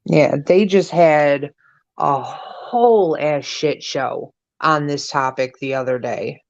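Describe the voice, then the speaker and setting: Woman co-host, casual podcast chat, low voice, unhurried delivery, blunt and profane, dull lo-fi sound. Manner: blunt, swears freely, gossipy.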